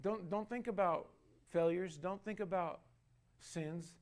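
A male pastor preaching a sermon, building to loud, drawn-out emphasis on key phrases and calling the congregation to repeat after him. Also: sits high.

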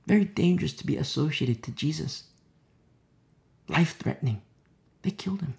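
A man's voice: a little high, lively intonation, normal speed, gravelly. A man preaching a conversational sermon, full of fillers and acted-out quotes, at times dropping to a whisper. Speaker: pastor.

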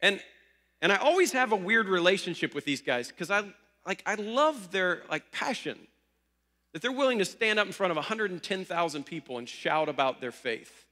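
A man's voice: high-pitched, animated, normal speed, sharp tone. A young man from Ohio preaching a sermon, telling stories in a conversational way with joking asides. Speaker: pastor. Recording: long hall reverb.

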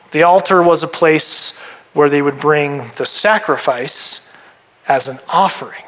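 A middle-aged pastor preaching a sermon in a conversational way, with asides and self-corrections. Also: male voice, high-pitched, fairly bright tone, low-quality recording.

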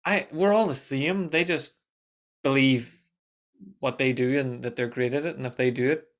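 This podcast host speaks at a medium pitch in a loose, casual exchange. He's lively, curses without restraint, and keeps dropping fast side comments.

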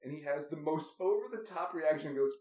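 A man's voice: fairly high pitch, lively intonation, brisk, a little mellow. Amused man recapping a movie. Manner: wry, recounting scenes with amused asides. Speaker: podcast co-host. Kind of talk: casual movie recap chat. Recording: roomy echoey room.

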